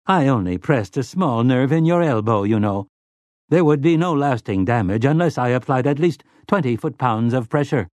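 A man's voice: mid-range voice, expressive, moderate pace, a little mellow, dry recording, close to an everyday voice. Brief: prissy, complacent robot butler with a silky menace, done by a male narrator, dry audiobook sound.

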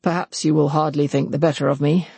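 A man reading aloud and voicing an earnest young gentleman confessing in an intense, serious way. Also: fairly high pitch, level tone, fast, gravelly, slightly rough, no room sound. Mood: confessional. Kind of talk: audiobook character voice.

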